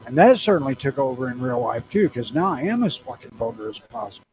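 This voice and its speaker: A man's voice: medium pitch, very animated, quick pace, a little mellow, a little hiss or hum, poor audio. A middle-aged man from Missouri with a Southern accent, rambling crudely and profanely as a podcast co-host. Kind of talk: casual chat.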